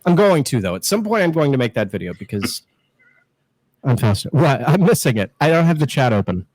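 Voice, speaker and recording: A man in his thirties with a mid-pitched voice chats as a guest on a live stream over a video call. He jokes, teases himself and laughs often. The sound is dry and close. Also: sing-song, moderate pace, darkish tone, dry recording, poor audio. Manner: joking, self-mocking, laughs often. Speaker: guest, political scientist and show host. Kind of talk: casual live-stream chat.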